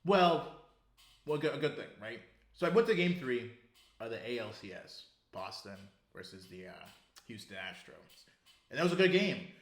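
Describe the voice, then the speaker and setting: A man's voice: mid-range voice, moderate pace, echoey room. A man co-hosting a podcast, talking about sports in a loose, profane way, full of restarts. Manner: animated, profane, rambling with restarts. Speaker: podcast co-host. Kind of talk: casual sports chat.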